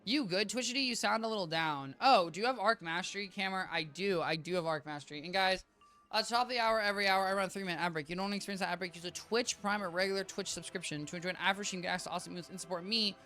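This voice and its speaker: A man on a live stream chats to his viewers while playing, rambling and cutting himself off mid-sentence. His voice is bright and a little high, though he sounds somewhat tired and low on energy. Faint game music plays behind him. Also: rapid-fire. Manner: rambling, self-interrupting, chatty with viewers. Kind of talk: casual live-stream gameplay chat.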